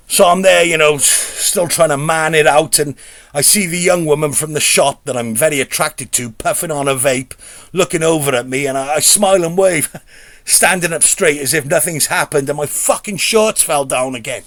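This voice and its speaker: A man's voice: a little high, moderate pace, a bit bright, no echo. A middle-aged man tells a comic story in a rambling, stammering, sweary, self-mocking way. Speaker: comedy vlogger.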